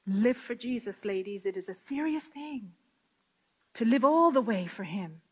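A woman giving an impassioned testimony to a women's gathering, swinging from hushed whispers to loud, tearful outcries. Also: mid-range voice, lively intonation, unhurried, husky. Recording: long hall reverb.

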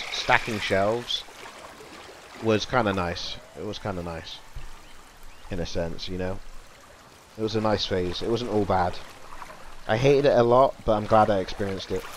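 Low-voiced young male streamer rambling. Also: a little hiss or hum. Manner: rambling, offhand, loose slang. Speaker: livestreamer. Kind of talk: casual chat to stream viewers.

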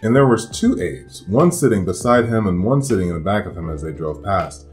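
Lively low-voiced man reading aloud. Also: a little fast. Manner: lively voices for each character. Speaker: storybook reader. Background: soft guitar music.

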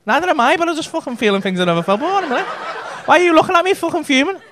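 A man's voice: extremely high pitch, expressive, rapid-fire, a bit bright, slight background noise. A man doing crude, teasing crowd work as a stand-up comedian on a comedy club stage. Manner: brash, crude, teasing banter with constant swearing.

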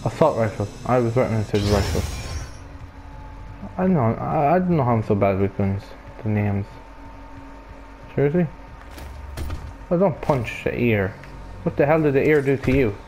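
A young man commenting on his own gameplay, mocking himself and swearing, with loud outbursts between slow muttering. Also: medium pitch, expressive, a little hiss or hum. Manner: self-mocking, swears often, bursts into loud shouts. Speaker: let's player.

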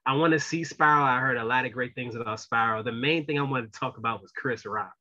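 A man co-hosting a casual movie podcast, talking emphatically and rambling with restarts before trailing off quietly. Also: medium pitch, fast talker. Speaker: podcast co-host. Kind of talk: casual chat. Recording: dull lo-fi sound.

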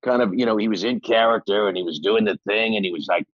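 Middle-aged man, storytelling guest, animated, salty language, muffled, dry sound. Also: fairly low pitch, quick pace, no room sound. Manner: animated, swears casually, many restarts. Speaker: guest actor. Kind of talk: casual anecdotal storytelling.

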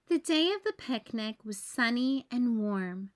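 A woman reading a children's picture book aloud as a teacher, in a gentle storytelling manner for young kids. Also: a little high, lively intonation, measured pace, few pauses.

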